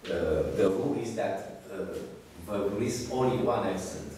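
A man giving an academic lecture, speaking haltingly with many fillers and restarts. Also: on the low side, steady tone, darkish tone. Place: lecture room. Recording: distant echoey hall recording with hiss.

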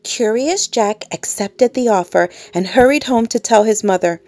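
A woman reading a children's bedtime story aloud in an expressive, dramatic way with pauses. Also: a little high. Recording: soft music underneath.

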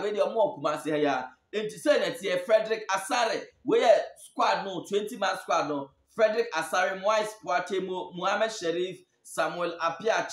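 High-voiced Ghanaian man talking football. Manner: chatty, repeats points for emphasis. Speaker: sports show host. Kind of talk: casual football talk, mixing Twi and English. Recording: echoey room.

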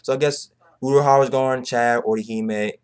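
A man rants in casual chat with a middling pitch, rambling and repeating himself. He swears freely and his voice jumps up sharply whenever he gets exasperated. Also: normal speed, clean tone. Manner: rambling, profane, repeats phrases like "bro" and "you know what I'm saying"; animated, pitch jumps high when exasperated. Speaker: manga commentator.

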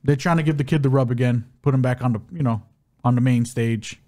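Speaking quickly in a mid-range voice, this male co-host keeps the betting podcast chat loose and casual. He's animated and drops lots of slang.

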